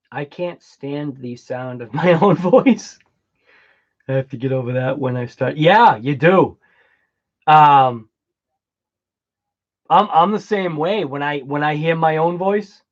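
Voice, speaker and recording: An East Coast man chats on his hobby livestream, answering viewers in an easy, rambling way. His voice sits a little high and his delivery is slow. The audio is dull and lo-fi. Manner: chatty, reads viewer comments aloud. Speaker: RC livestream host. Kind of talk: casual livestream chat.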